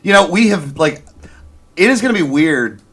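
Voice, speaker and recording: Playful male radio co-host, lively pitch. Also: normal speed. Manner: joking, playful, drops to mumbles. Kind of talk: casual on-air banter.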